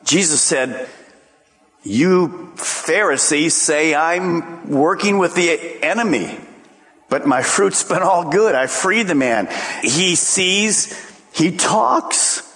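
A man preaching a sermon, acting out quick exchanges of dialogue as he goes. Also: fairly high pitch, expressive, fairly bright tone. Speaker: pastor. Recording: long reverb of a large hall.

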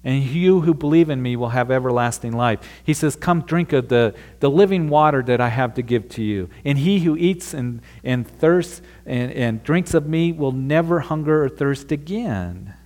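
A man's voice: medium pitch, expressive, normal speed, hardly any pauses, darkish tone. Earnest man preaching a sermon. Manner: earnest preaching, reads scripture then expounds it. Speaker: pastor. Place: church room.

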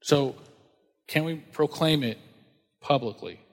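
A man preaching in a relaxed, conversational sermon, his voice sitting a little high for a man. He acts out the voices in the stories as he goes. The sound carries a long reverb, like a large hall. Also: takes it slowly. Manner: animated storytelling, acts out quoted voices. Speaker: pastor. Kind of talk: casual sermon.

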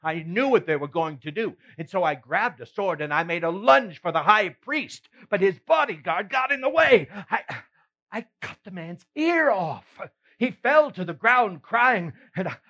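A man takes on the role of a remorseful apostle Peter, earnestly reproaching himself as he retells his failings in first person. His voice is high, animated, bright, and forceful, exaggerated at a normal speed, with sighs and rueful laughs. The audio is slightly muffled.

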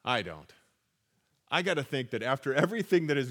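A man preaching a sermon, reading scripture verses and adding relaxed conversational asides. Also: medium pitch, brisk.

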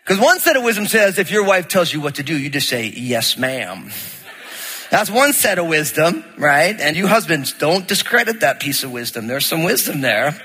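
A middle-aged man preaching a sermon as pastor, telling a story in an animated way and acting out what people said. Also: fairly high pitch, normal speed, breathy edge, in a large hall. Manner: storytelling, animated, acts out quotes.

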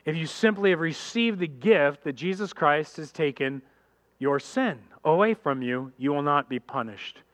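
Man, pastor, sermon, high voice, animated, direct to the congregation. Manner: animated, acts out biblical characters in quick voices; addresses congregation directly as guys.

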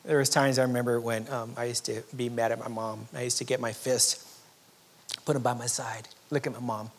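A pastor from Southern California preaches a sermon, swinging from loud, emphatic lines to soft, almost whispered passages and chuckling along the way. His medium-pitched voice has a flat delivery and brisk pace, with slight background noise.

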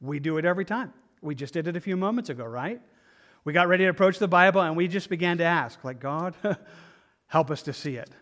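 A man's voice: sits high, quick pace, fairly bright tone. A man teaching a Bible study in an earnest, conversational way, often restarting his phrases. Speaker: pastor.

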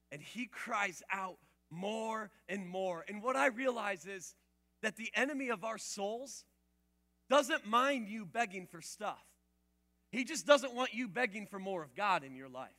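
A male preacher with a high, bright, ringing voice delivers a sermon. He keeps it chatty, throwing questions at the listeners, then drops to quiet asides before building to loud, emphatic bursts. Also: animated, unhurried. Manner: conversational, asks the audience questions.

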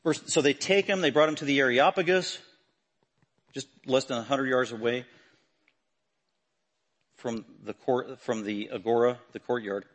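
Husky-voiced man preaching emphatically. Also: medium pitch, normal speed, long pauses. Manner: emphatic, building to loud forceful proclamations. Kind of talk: sermon.

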